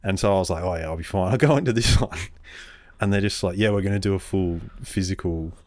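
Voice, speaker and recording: A young man tells a story in a relaxed chat, animated and quick to laugh. His voice sits a little low, and the recording is dry and close. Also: dry recording. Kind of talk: casual chat.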